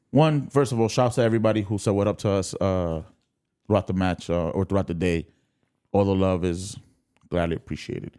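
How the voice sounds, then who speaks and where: A man's voice: lowish voice, warm tone, smooth. A young man, co-hosting a podcast in easygoing casual chat, laughing often. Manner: laid-back, laughs often, says "word" and "nah". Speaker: podcast co-host.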